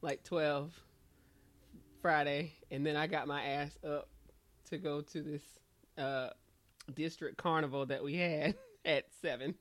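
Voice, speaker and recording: A woman's voice: deep voice, steady tone, a little slow, long pauses, no room sound. A young adult woman co-hosting a podcast, telling salty, laughing stories in casual chat. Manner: salty, laughing, profane storyteller. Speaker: podcast co-host.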